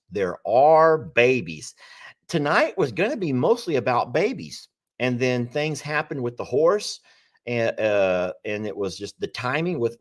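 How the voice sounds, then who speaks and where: A man hosting a casual live stream, teasing and laughing often. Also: medium pitch. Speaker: livestream host.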